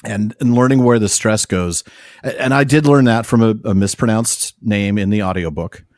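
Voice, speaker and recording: A man's voice: lowish voice, moderate pace, a little mellow, no room sound, clean studio sound. A man co-hosting a podcast, reading passages aloud and breaking them down in casual discussion. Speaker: podcast co-host.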